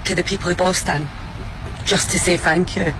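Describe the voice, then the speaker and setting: A Scottish woman giving a heartfelt, grateful message to a city, speaking with emotion and halting restarts. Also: lowish voice, fairly even intonation, noisy background. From Scotland. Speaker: visitor addressing a city. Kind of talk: heartfelt address to the public.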